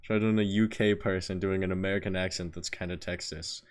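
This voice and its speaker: A man's voice: low voice, fairly quick. A man streaming a game, chatting casually and joking as he reacts to his viewers. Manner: excitable, joking, reacting to chat. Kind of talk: casual live-stream chat.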